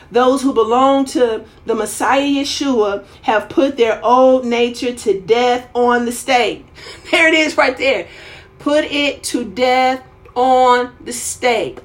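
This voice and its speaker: A woman preaching a fervent sermon, repeating phrases and calling out hallelujah. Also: sits high. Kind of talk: sermon broadcast.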